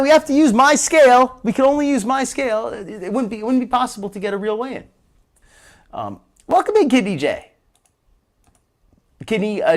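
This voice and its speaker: A man hosting a live stream, chatting casually and rambling with frequent restarts and chuckles. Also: fairly high pitch.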